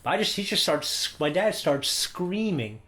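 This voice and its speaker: An unhurried, high-pitched man in his thirties co-hosts a podcast and spins a long personal story. He swears casually and animatedly, often tossing in "okay?" asides.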